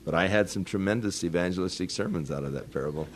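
Older pastor preaching with folksy warmth. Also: male voice, low-pitched, quick pace, slight background noise. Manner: folksy storytelling, rising to earnest emphasis; chuckles between points. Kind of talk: sermon.

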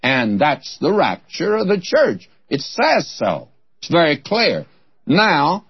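A man's voice: mid-range voice, breathy edge, dry recording. A man preaching a Bible teaching sermon, telling stories in a folksy, conversational way, on a dull lo-fi recording.

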